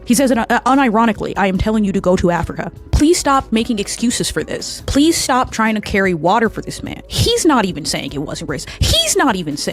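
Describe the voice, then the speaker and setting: A woman giving heated commentary in a vlog, blunt and profane, hammering her points home by repeating them, openly angry. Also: mid-range voice. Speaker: political commentator.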